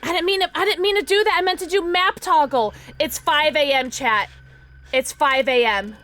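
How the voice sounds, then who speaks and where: A woman's voice: high voice, normal speed, fairly bright tone. A woman streaming a horror game live, chatting to viewers and squealing when startled. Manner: jumpy, squealing when scared, talks to chat. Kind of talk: live gameplay chat.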